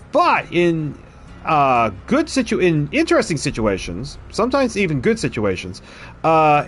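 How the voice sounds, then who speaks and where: A male game streamer talks his choices through in a relaxed, rambling way, laughing often. His voice is slightly high and very animated, rising and falling a lot. A faint hiss sits under the recording. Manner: chatty, thinks aloud, frequent laughs. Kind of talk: casual gameplay commentary.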